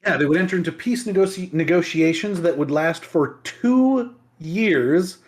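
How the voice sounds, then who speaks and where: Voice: mid-range voice, lively intonation, normal speed. A podcast host casually retelling history, chatty and digressive with many asides.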